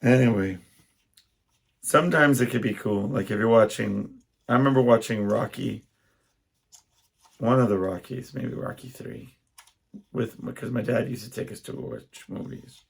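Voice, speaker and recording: A man's voice: on the low side, normal speed, pauses often. A young adult man hosting a casual solo podcast, telling rambling stories and often stopping to restart his sentences. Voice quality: gravelly, husky. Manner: rambling, self-interrupting storyteller. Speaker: podcast host.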